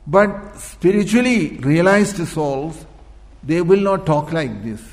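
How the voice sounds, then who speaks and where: A man giving a spiritual discourse, repeating points, posing rhetorical questions and often clearing his throat. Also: a little high, expressive, slow. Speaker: spiritual teacher. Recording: echoey hall with long reverb.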